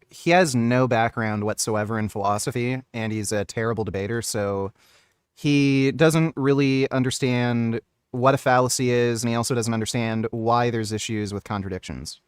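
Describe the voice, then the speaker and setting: A male livestreamer gives casual, blunt commentary on a debate. His voice is smooth and clean, recorded dry and close. He is crude and dismissive in a plain, offhand way. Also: medium pitch, no echo. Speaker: livestream host reacting to a debate.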